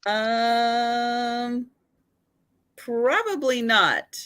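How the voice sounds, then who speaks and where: Giggly woman hosting a live sale stream, takes her time, bright tone. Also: fairly high pitch, drawn-out words. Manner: giggly, chatty, laughs between remarks. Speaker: host of an online photo sale.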